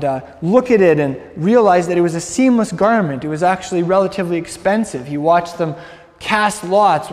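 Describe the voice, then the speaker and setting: A man's voice: a little high, a little mellow. A man preaching, retelling a story earnestly with many restarts and repeated words. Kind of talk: sermon storytelling. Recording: long hall reverb.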